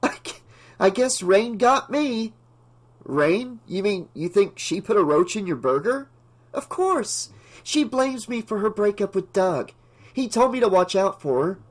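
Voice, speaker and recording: Man putting on a shrill panicked teenage girl. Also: sing-song, normal speed. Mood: bitter, shaky. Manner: high, shrill outbursts. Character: frightened teenage girl, shaken but stubborn.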